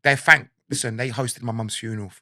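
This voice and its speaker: South london guy in his 40s telling stories, bright voice, acts out quotes, dry close sound. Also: mid-range voice, brisk, no echo. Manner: animated storyteller, acts out quotes, laughs often. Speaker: guest. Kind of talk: casual interview chat.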